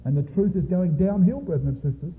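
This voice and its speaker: A man's voice: sits high, fast talker. A man preaching a sermon, emphatic and repetitive, often turning to address the congregation directly. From Australia. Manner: emphatic, repeats points and keeps addressing the congregation. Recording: tinny lo-fi recording with long hall reverb.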